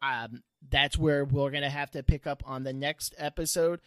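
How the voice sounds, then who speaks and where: A man's voice: mid-range voice, steady tone, a bit bright, dry recording. Dry-sounding man recapping on a podcast. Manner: rambling, halting recaps with laughs. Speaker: podcast host. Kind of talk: casual podcast chat.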